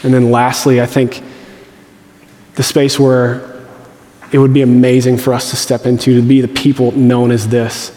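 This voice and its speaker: A man's voice: medium pitch, little pitch movement, normal speed, long pauses, mellow, long reverb tail. A man preaching a sermon as pastor, in a conversational, joking way with playful voiced asides.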